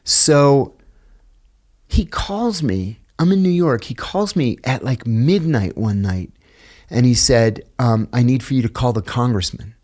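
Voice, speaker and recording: A man's voice: medium pitch, unhurried. A middle-aged American man, a podcast guest, telling personal stories in casual talk and acting out the people he quotes. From United States. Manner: animated storyteller, acts out quoted voices, laughs at own stories. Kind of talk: casual storytelling interview.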